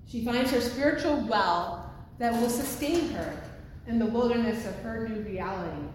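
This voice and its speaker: A woman's voice: a little high, animated, moderate pace, a little hiss or hum. A woman preaching a sermon from the pulpit in an earnest, emphatic way. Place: church sanctuary. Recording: echoey hall, heard from a distance.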